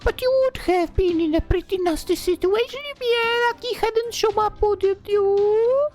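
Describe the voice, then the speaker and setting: A woman voicing a bubbly, pushy young heroine in a high, sing-song way, reading a visual novel. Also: measured pace, a little mellow. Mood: teasing.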